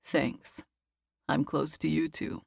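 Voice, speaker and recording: A woman reading the part of an eager young man talking on the phone, asking choppy, excited questions. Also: low-pitched, moderate pace, no room sound, clean studio sound. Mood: affectionate.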